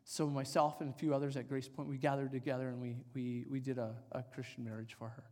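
A middle-aged man preaching a sermon, telling a personal story in an animated, rambling way with many fillers. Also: medium pitch, quick pace. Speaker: pastor. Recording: long hall reverb.

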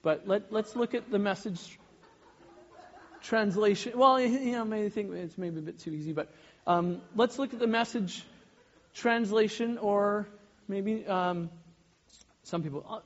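A man in his thirties, a pastor giving a sermon, animated and often breaking off mid-sentence to act out little scenes. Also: high voice, normal speed, highs cut off. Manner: animated, self-interrupting, acts out little scenes.

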